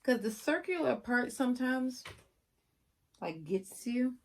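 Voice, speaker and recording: A woman casually reviewing a wig for her viewers, chatty and often yelling with excitement. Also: a little high, takes it slowly. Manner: chatty, addresses viewers as y'all.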